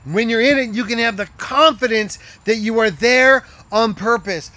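Preaching at a moderate pace, a middle-aged male pastor speaks in a distinctly high voice. He hammers his points with emphasis, doubles up on key lines, and quiets to a near hush when quoting.

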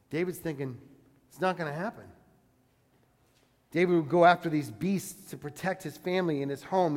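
A man in his forties preaching a sermon, telling stories and acting out the voices of the people in them. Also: high-pitched. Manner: animated storyteller acting out voices. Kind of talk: sermon with storytelling. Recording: long reverb of a hall.

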